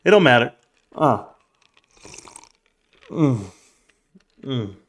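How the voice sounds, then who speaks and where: A man's voice: mid-range voice, lively intonation, drawn-out words. A man hosting a casual livestream from a room at home, reading out chat in a laid-back, chummy way and laughing often.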